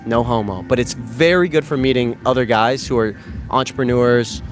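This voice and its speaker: A man's voice: medium pitch, normal speed, faint music behind. Rambling, profane American man. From United States. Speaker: dating coach vlogger. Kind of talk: casual chat.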